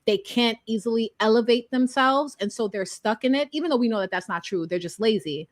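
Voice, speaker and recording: Co-host, woman, highish voice, dry sound, analytical and emphatic. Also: a little fast, no room sound. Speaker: podcast co-host. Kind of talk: casual chat.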